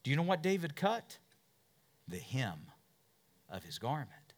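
A man preaching a sermon and retelling scripture stories, swinging from loud, urgent passages to hushed asides and asking his listeners question after question. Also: medium pitch, wildly swooping pitch, a little slow. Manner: asks the listeners many questions.

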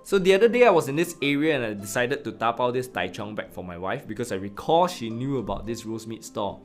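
A man's voice: mid-range voice, lively intonation, brisk. Singaporean guy on his podcast, chatty and colloquial, pokes fun at himself, faint guitar behind. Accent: Singaporean English. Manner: chatty, colloquial, self-deprecating. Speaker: podcast host. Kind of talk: casual storytelling monologue.

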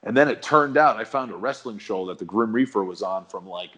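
A middle-aged man telling a long story in a relaxed, rambling, slangy way as a guest on a chat show. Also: lowish voice, a little fast. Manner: rambling, laid-back, slangy. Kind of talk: casual storytelling.

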